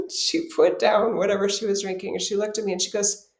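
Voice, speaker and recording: A woman co-hosting a podcast, telling a personal story in a casual, animated way, laughing often and acting out what people said. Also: mid-range voice, a little fast, vocal fry. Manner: animated, laughs often, acts out quoted dialogue. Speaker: podcast co-host. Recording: roomy echo.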